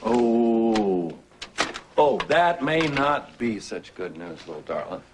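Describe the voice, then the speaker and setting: A teasing husband, lively voice. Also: male voice, mid-range voice, noisy background. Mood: playful. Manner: teasing and affectionate, drawn-out jokes. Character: playful, teasing husband and father. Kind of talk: soap opera acting.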